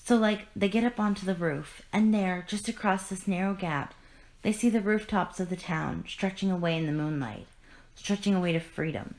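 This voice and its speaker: A woman reads out a beaten-down male clown villain in a lowish voice, bitter and broken. His lines come out as a straight reading rather than a full performance, and they grow louder as he tells his joke. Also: moderate pace, natural voice. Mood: storytelling.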